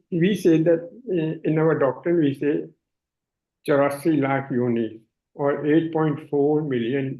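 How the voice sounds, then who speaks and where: Brief: older Indian man, measured explanatory lecturer, narrow phone-like audio from a video call. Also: mid-range voice. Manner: measured, explanatory, with many fillers. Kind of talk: online lecture presentation.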